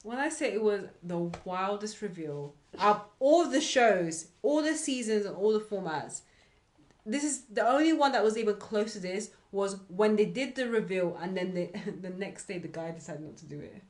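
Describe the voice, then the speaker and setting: A woman's voice: medium pitch, animated, moderate pace. A woman co-hosting a podcast in casual chat, often agreeing with short replies. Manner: agreeable, lots of short yeahs. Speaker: podcast co-host.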